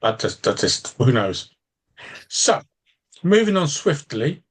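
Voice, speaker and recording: A man in casual podcast chat, blunt and unfiltered, swearing to make his point. He rambles and restarts sentences as he thinks aloud, at a middling pitch for a man. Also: sing-song, slow pace, slightly rough. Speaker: driving instructor and coach.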